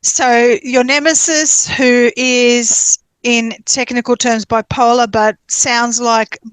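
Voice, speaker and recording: A woman's voice: on the high side, level tone, slow pace, a bit bright, clean tone, dry recording, low-quality recording. Australian woman summing up for listeners. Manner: clarifying, summarizing for listeners. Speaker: podcast co-host. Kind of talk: casual interview chat.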